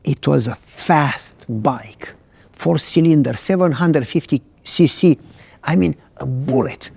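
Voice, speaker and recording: A man's voice: fairly high pitch, slow pace, gravelly, darkish tone, breathy edge. A male pastor preaching a sermon, telling a story in plain, earnest words.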